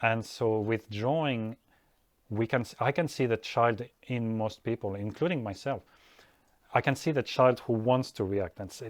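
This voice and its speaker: Male art teacher, mid-pitched, reflective and unhurried, dry close-miked sound. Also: fairly even intonation, darkish tone, no room sound. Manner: thoughtful, unhurried, many restarts and acted-out quotes. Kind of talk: casual podcast-style talk.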